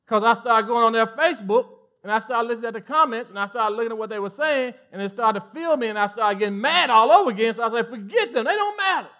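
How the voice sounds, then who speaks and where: A Southern American pastor preaches in a very high voice and talks fast. He's animated, swinging between loud, emphatic lines and hushed asides.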